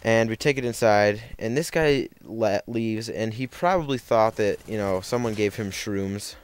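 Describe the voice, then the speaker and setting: A man's voice: on the low side, measured pace, clean tone. A young man telling a rambling story over gameplay, full of fillers and self-corrections. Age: young adult. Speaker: gaming commentator.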